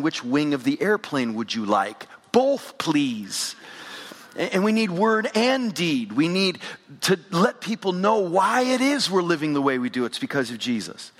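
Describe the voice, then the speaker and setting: High-voiced pastor preaching in a reverberant hall. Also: male voice, a bit bright. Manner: engaging, questions the congregation directly. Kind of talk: sermon. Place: church sanctuary with congregation. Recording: long reverb of a large hall.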